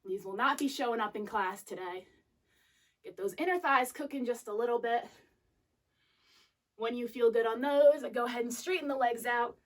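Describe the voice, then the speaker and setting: A young woman fitness instructor cues a live workout class in an upbeat coaching style while exercising, sniffling and catching her breath. Her fairly high voice moves at normal speed with long pauses. She sounds distant from the mic in a fitness studio.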